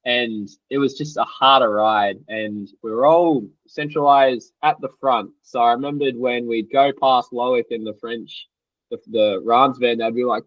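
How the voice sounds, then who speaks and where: A young Australian man, an athlete guest, telling race stories in an animated, slangy way and acting out what others said. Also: medium pitch, measured pace, no echo. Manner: animated, acts out quotes, loose and slangy. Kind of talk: casual storytelling interview. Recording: dry, slightly dull podcast audio.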